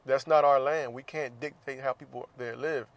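A man's voice: medium pitch, fairly even intonation, moderate pace, no echo, dull audio. Profane, fired-up man ranting. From United States. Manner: profane, impassioned, laughs often. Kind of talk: casual talk.

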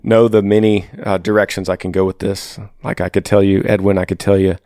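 A man's voice: sits low, level tone, fairly quick, darkish tone, dry recording, studio quality. A man hosting an advice podcast, talking earnestly and directly to a listener, often repeating his words for emphasis. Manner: earnest, repeats phrases, talks straight to listener. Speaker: podcast host.

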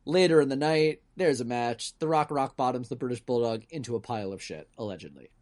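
A podcast co-host chatting casually, animated, cursing freely and laughing often. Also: mid-range voice, fairly quick. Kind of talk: casual chat.

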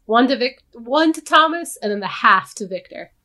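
A woman speaking as a podcast guest in casual chat, unhurried and thoughtful, laughing easily. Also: on the high side, animated, pushed and bright.

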